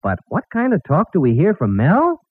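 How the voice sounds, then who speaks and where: A man's voice: fairly high pitch, huge pitch swings, moderate pace, dry recording. A man announcing and narrating a 1940s radio comedy in a showy style, on a tinny old broadcast. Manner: smooth, showy announcer delivery.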